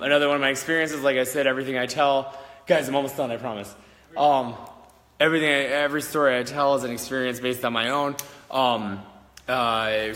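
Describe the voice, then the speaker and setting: A man's voice: medium pitch, a bit bright. A man hosting a casual talk as a psychic medium, rambling with many fillers while telling stories and answering questions. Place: old schoolhouse in the country. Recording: long reverb, faint background noise.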